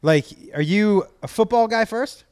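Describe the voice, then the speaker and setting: A man's voice: high-pitched, expressive, unhurried, a little mellow, clean tone, dry recording. Male host, jokey and questioning; dry close sound. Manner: joking, asks questions. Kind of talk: casual podcast chat.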